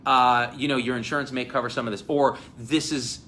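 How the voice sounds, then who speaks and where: A man in his forties from New Jersey, hosting an energetic live chat at a hotel event and telling stories with acted-out quotes. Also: medium pitch, fairly quick, a little hiss or hum. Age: 40s. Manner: animated, storytelling, acts out quotes. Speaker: host. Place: hotel event space with crowd.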